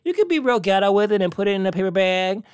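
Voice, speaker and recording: Sassy, lively-voiced talk show host. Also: mid-range voice, fast, smooth, no echo, clean studio sound. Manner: sassy, brash, teasing. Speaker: podcast host. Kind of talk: casual solo chat.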